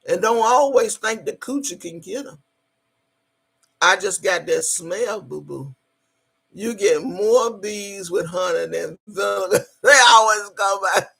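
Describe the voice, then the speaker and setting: A woman's voice: medium pitch, a little slow, creaky, fairly bright tone, husky. A woman hosting a livestream, talking brashly and profanely, boasting and laughing often as she greets her chat. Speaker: livestream host.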